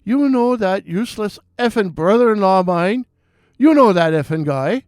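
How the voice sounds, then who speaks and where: A man's voice: high voice, expressive, normal speed, darkish tone, no echo, studio quality. A man doing a fuming young Irish barman. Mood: exasperated rant. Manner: ranting, swearing constantly in minced words. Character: young Irish bartender, foul-mouthed and fed up.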